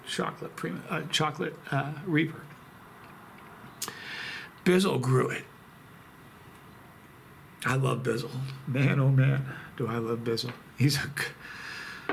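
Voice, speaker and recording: A man hosting a chili pepper channel, talking casually to camera in a rambling, halting, emotional way with many restarts. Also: mid-range voice, creaky, a bit bright, slight background noise. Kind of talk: casual vlog talk to camera.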